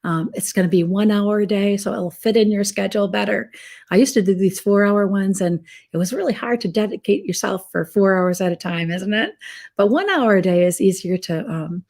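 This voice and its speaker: Hesitant woman coach with vocal fry. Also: medium pitch, brisk, a little mellow. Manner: hesitant, many fillers and restarts. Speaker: business and life coach. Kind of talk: informal presentation.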